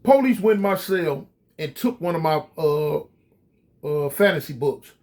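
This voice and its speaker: A man casually telling a story straight to his viewers, animated and full of slang. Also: fairly high pitch, unhurried. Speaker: storyteller recounting prison life.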